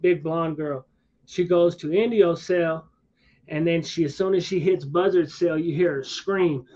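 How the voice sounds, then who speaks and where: A man's voice: fairly high pitch, fairly even intonation, a little slow, warm tone. A man telling a long, rambling story in casual conversation, with slangy asides and frequent restarts. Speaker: streamer. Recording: dull lo-fi sound.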